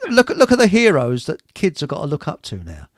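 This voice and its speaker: A man's voice: on the high side, wildly swooping pitch, no room sound, clean studio sound. A British man hosting a casual chat show, joking and rambling, reading out viewer comments. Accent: British English. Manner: joking, rambling, quick laughs. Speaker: show host.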